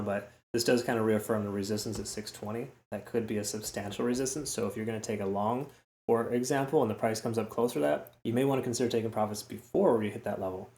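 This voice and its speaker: Male trading host, low voice, casual rambling delivery, roomy echo. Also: a little mellow, a little hiss or hum. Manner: chatty, repeats words, frequent "okay?" and "right?" asides. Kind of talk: casual chart analysis talk.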